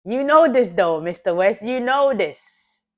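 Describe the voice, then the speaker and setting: A woman's voice: fairly high pitch, lively intonation, measured pace, darkish tone. A woman hosting a live trading stream, chatting casually with her chat, teasing and laughing often.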